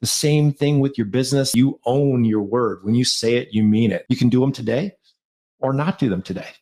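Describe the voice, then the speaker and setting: A man's voice: mid-range voice, brisk, a little mellow. A man co-hosting a podcast, speaking in a playful, motivational way with lots of alliteration. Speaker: podcast co-host, mortgage coach. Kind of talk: podcast conversation.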